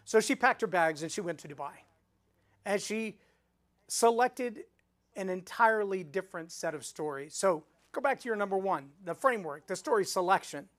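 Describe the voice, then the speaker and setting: A man's voice: high voice, normal speed. A middle-aged man, a speaking coach, teaching storytelling in a live webinar, acting out the voices he quotes. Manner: animated, acts out quoted voices.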